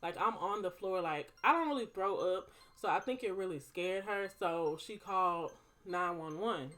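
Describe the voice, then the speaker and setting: A woman's voice: fairly low pitch, moderate pace, fairly bright tone. A young woman, telling a personal story to her viewers in a chatty, dramatic way. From Texas. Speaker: vlogger. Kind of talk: casual storytime.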